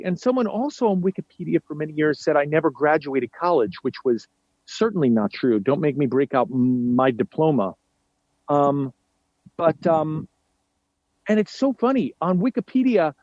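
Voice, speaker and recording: A middle-aged New Yorker chats at home as a podcast guest in a casual interview, self-deprecating and full of fillers and restarts. His voice is high-pitched and a little mellow, and the audio is dull with no room sound.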